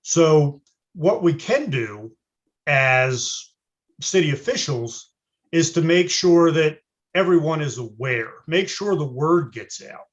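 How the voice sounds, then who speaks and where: A man running for city office, answering questions over a video call in a measured, hesitant way with frequent uhs. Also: a little high, lively intonation, lo-fi sound. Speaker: city council candidate.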